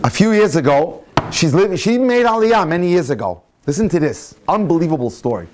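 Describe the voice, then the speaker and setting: A man, a rabbi, telling a story in a sermon, animated and swinging into excited quoted voices. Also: on the high side, fairly quick, slight background noise. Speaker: rabbi lecturer.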